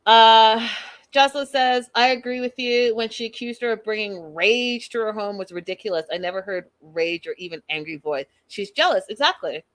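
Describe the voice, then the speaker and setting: A woman's voice: fairly high pitch, normal speed, no room sound. A young adult woman hosting a show, recapping a reality episode in casual, opinionated talk and acting out quotes. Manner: animated, opinionated, acts out quotes.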